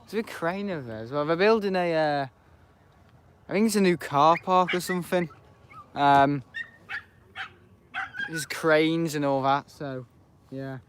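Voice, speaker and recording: A man's voice: a little high, measured pace, pauses often, slight background noise. A man giving rambling, chatty live commentary while planespotting outdoors beside an airport, often correcting himself. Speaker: planespotting livestreamer.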